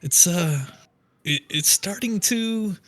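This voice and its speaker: Man doing a stammering, reluctant adventurer, slightly raised pitch. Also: takes it slowly, a bit bright, no echo. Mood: hesitant. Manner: hesitant, stammering. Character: reluctant man warming to chewy bacon.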